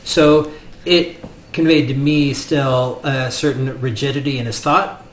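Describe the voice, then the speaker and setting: A man's voice: mid-range voice, steady tone, unhurried, close to an everyday voice. A man voicing an earnest young male student who lays out his reasoning at length. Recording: roomy room with faint noise.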